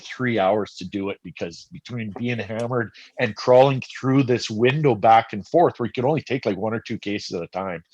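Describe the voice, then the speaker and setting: A middle-aged man, a former pro hockey player, casually telling animated, profane stories and often restarting his sentences. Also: medium pitch, lo-fi sound. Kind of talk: casual storytelling.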